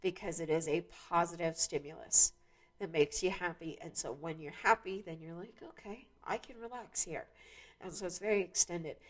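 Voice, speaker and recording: Woman host, lowish pitch, loose rambling monologue. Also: moderate pace. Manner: rambling, many restarts and fillers, laughs at herself. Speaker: podcast host. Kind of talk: casual monologue.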